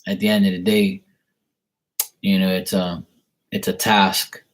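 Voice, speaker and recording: A man's voice: low voice, little pitch movement, a little slow. A man doing a tarot reading and answering viewer questions in a rambling, casual chat full of "you know" fillers, blunt and sometimes swearing. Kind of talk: casual live-stream chat.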